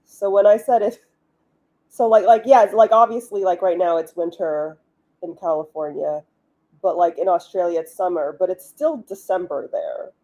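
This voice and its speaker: A woman's voice: lowish voice, moderate pace, mellow. A woman hosting a live writing stream, chatting casually with viewers, laughing often and filling her talk with "like.". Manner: chatty, giggly, many "like" fillers. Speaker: livestream host, author.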